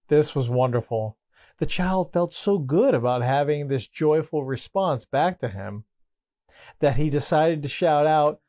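A man hosting a self-help clip, calmly telling a motivational parable in a gentle storytelling manner. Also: a little high, a little slow, no room sound, studio quality.

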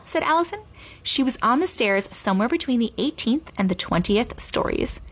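Woman, storybook read-aloud, breathy, lively pitch, animated character voices. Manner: animated character voices, slow expressive delivery. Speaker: reader. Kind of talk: children's book read-aloud.

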